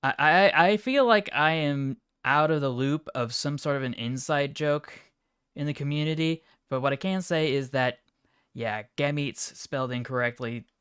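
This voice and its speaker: A man livestreaming, reacting to chat images in an offhand, mumbling way with sudden excited outbursts. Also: a little high, normal speed, clean tone, dry recording, studio quality. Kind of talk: casual live-stream commentary.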